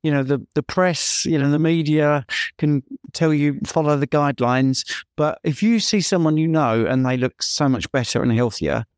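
A man's voice: on the high side, moderate pace, a little mellow, no echo, clean studio sound. A man hosting an interview, chatty and loose, often restarting his questions mid-sentence. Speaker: interview host. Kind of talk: casual interview conversation.

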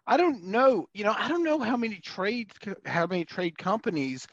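An enthusiastic male podcast host who talks in loose, rambling sentences. His pitch is a little high and swings a lot. The sound is slightly muffled and dry. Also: expressive, normal speed. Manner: enthusiastic, rambling, restarts often. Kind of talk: casual podcast conversation.

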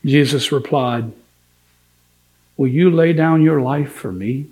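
A man's voice: medium pitch, slow, a little mellow. A man preaching a sermon as pastor, earnest and emphatic, acting out the words of biblical figures in quotes.

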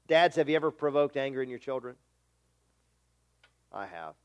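A man's voice: medium pitch, animated, normal speed. A middle-aged man preaching a sermon as a pastor, earnest and conversational, often repeating himself.

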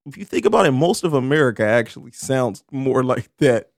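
A man's voice: mid-range voice, big pitch swings, brisk, creaky, dry recording. A man from the East Coast speaking in a mid-range voice, recorded dry and close. He is blunt and jokey, and he swears freely while chatting. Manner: blunt, profane, joking. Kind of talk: casual chat.

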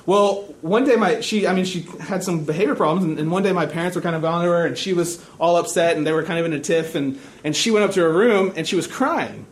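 High-voiced young man preaching casually. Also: fast, few pauses. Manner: casual, chatty, checks in with "right?" and "okay?"; dry self-mocking humor. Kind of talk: conversational sermon.

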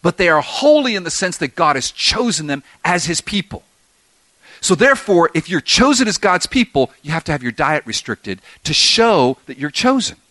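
Emphatic, high-voiced male preacher. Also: very animated, normal speed, bright, forceful tone, no room sound. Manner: emphatic, rhetorical questions to the audience. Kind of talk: expository sermon.

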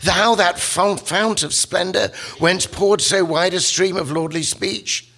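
A man's voice: sits high, slow, a bit bright, voice pushed up, heavily acted. A man voicing an awestruck medieval male poet who speaks in archaic, reverent praise.

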